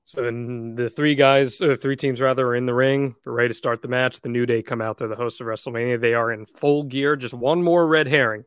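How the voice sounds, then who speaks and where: A man's voice: mid-range voice, fairly even intonation, a little fast, hardly any pauses, clear, resonant tone, dry recording, studio quality. A man hosting an interview, recapping events step by step and building suspense. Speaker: podcast host. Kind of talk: recapping story in conversation.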